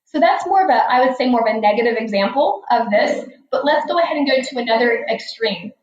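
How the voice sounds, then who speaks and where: A woman in her forties speaking as a financial coach, with a fairly high voice. She tells stories earnestly and leans on repeated phrases. The sound is roomy and a little dull, like a lo-fi podcast. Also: expressive, fast. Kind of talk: podcast interview storytelling. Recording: echoey room, dull lo-fi sound.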